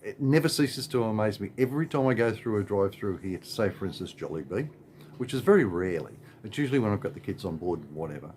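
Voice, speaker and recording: A man's voice: on the low side, animated, fast talker, darkish tone, a little hiss or hum. A man with an Australian accent, ranting in a rambling, exasperated way with lots of filler and restarts. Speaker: vlogger. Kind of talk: casual ranting monologue.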